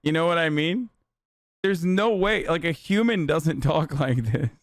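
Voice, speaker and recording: A man's voice: on the high side, animated, a little slow, no echo, clean studio sound. A man streaming live, reacting to clips with sarcastic, slangy riffing commentary.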